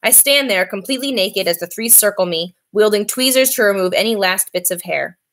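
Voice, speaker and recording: A woman reading a novel aloud in a steady, clear voice. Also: medium pitch, fairly quick. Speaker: reader.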